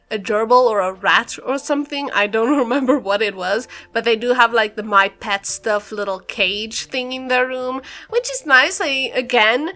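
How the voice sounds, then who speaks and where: A woman's voice: sits high, fairly bright tone. A young woman talking through a game build in a casual voiceover, rambling and giggly with lots of fillers. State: a bit out of breath.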